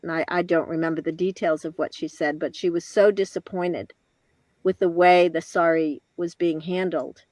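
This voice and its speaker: A woman's voice: fairly low pitch, fairly even intonation, no echo. Reflective older woman recounting a story. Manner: reflective, halting, with frequent restarts and soft laughs. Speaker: guest. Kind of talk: storytelling in an interview.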